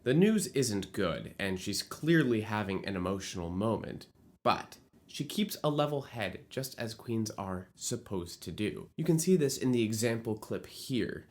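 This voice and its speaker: A man giving a scripted online lesson on musical theatre writing, in a playful and expressive way. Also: on the low side, a little slow.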